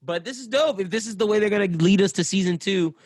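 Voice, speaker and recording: Laid-back slangy man, higher voice. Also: fast, darkish tone, no echo. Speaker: podcast co-host. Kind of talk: casual chat.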